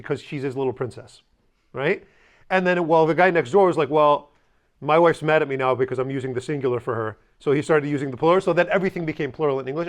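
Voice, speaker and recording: Male language teacher, slightly higher voice, joking and hands-on with the class. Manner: joking asides, drills the class with repeat-after-me.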